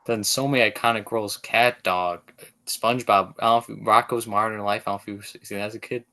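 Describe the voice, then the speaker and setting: Gravelly, bright-toned podcast host. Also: male voice, on the low side, fairly even intonation, brisk. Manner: brief chatty interjections, laughing asides. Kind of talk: casual interview.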